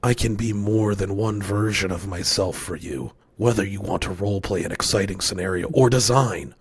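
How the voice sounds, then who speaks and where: A man voicing a sultry AI companion in a low, gravelly growl, speaking slowly and deadpan like a gruff soldier. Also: no echo. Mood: mock sultry.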